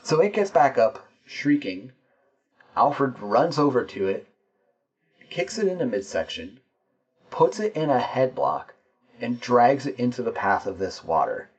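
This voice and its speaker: A man's voice: medium pitch, very animated, measured pace, slightly rough, highs cut off. A man playing a tabletop game solo, narrating the scene and explaining his dice rolls and rules as he goes.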